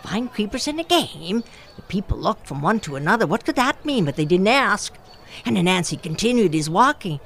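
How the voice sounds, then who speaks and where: Lady telling an old folktale, rhythmic, lots of repeating, expressive. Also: on the low side, brisk, slight background noise. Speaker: storyteller. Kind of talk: oral folktale storytelling.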